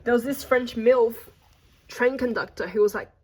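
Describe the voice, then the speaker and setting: Chatty young Australian woman, husky voice. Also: on the high side, steady tone, normal speed, a little mellow. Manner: chatty, gossipy, playful slang. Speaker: vlogger. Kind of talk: casual travel vlog narration.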